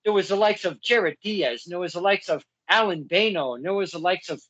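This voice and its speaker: A man's voice: high-pitched, brisk. A man hosting a casual interview, telling stories with lots of laughs and acting out the other side of the talk. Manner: animated storyteller, acts out quotes, laughs often. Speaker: podcast host. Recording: dull lo-fi sound.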